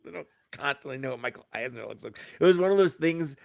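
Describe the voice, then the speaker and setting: A man's voice: medium pitch, expressive, fast, gravelly, darkish tone. A man telling stories in a casual chat, in a laid-back way that trails off into laughs. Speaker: guest.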